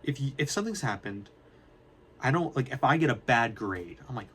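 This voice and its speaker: Young man, student vlogger, mid-pitched, rambling casual talk, restarts a lot, drops slang. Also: expressive, brisk, a bit bright, slight background noise. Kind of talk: casual unscripted talk to camera.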